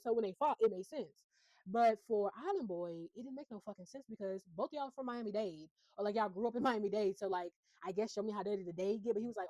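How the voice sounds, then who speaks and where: Young woman, quick chatty recap, blunt and profane, dry close sound. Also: medium pitch, lively intonation, a little mellow, no room sound, poor audio. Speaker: reality show recapper.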